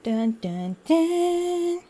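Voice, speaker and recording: A young woman streamer chatting casually while building a model kit, animated and full of quoted back-and-forth. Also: extremely high pitch, drawn-out words. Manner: chatty and animated, with frequent laughs and quoted dialogue.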